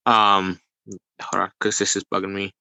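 Man, podcast co-host, halting casual talk, bright forward voice, dry close sound. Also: sits low, flat delivery, smooth, dry recording. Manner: halting, stammers when starting.

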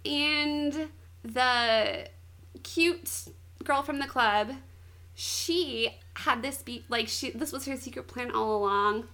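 Chatty woman telling a story all animated, giggles a lot, voice on the higher side. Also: unhurried. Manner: animated retelling, laughs often. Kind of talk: casual chat.

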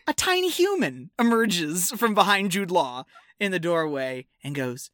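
A woman co-hosting a movie podcast, retelling scenes in animated, casual chat. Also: lowish voice, a little slow, no room sound, studio quality. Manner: animated storyteller, acts out scenes. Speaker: podcast co-host. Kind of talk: casual chat recapping a film.

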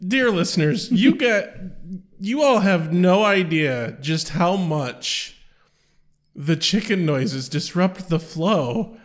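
A man's voice: high voice, expressive, takes it slowly. A man co-hosting a podcast in casual chat, mock-exasperated and swearing casually. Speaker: podcast co-host.

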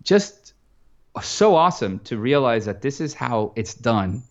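A man's voice: mid-range voice, sing-song, measured pace, lo-fi sound. A man, a film composer, talking casually in an interview, rambling with lots of restarts and fillers.

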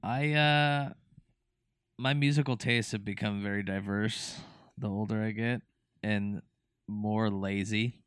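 A man's voice: on the low side, fairly even intonation, measured pace, clean tone, no echo, clean studio sound. A man co-hosting a podcast in casual chat, talking in a laid-back, rambling way. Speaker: podcast co-host.

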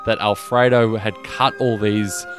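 A man co-hosting a podcast, talking about a film in an earnest, halting way with many restarts. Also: lowish voice, little pitch movement, over music. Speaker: podcast co-host. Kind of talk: casual film discussion.

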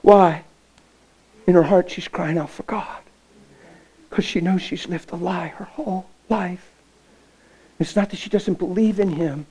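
Male pastor, middle-aged, mellow dark voice, emotional storytelling sermon with hushed moments. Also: a little high, gravelly, breathy edge, rough recording. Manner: emotional, acts out dialogue, drops to near whisper.

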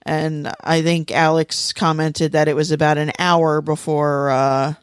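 A woman's voice: sits low, flat delivery, measured pace, smooth, no echo, clean studio sound. A middle-aged woman co-hosting a casual chat podcast, telling stories bluntly and with lots of swearing. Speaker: podcast co-host.

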